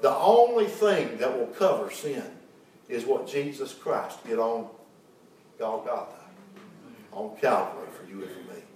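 A man's voice: medium pitch, animated, a little slow, a little mellow, slight background noise. A middle-aged man preaching an impassioned sermon as pastor, building to fervent peaks. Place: church sanctuary. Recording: very echoey room, mic at a distance.

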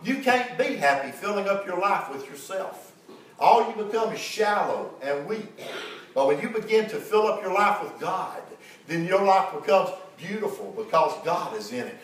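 A man's voice: sits high, lively intonation, moderate pace. A man preaching a sermon, calling on the congregation to repeat after him and telling folksy stories. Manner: preaching with call-and-response, folksy storytelling. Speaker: pastor. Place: church sanctuary. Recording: very echoey church, mic far off.

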